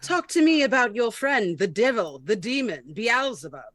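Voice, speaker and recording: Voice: medium pitch, very animated, normal speed, a bit bright, no echo, studio quality, pitched above the performer's own voice. A player voicing a cool, menacing female professional who taunts her captive.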